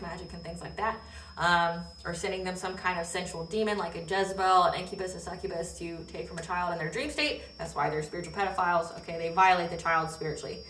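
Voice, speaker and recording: A woman talks through a tarot reading in a loose, rambling way, often stopping to ask "okay?" Her voice sits low but sounds bright and forceful. The mic is a little distant, so the room echo comes through. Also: slight background noise. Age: adult. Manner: rambling, many fillers and "okay?" check-ins; laughs while telling stories. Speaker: tarot reader. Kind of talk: casual spiritual reading.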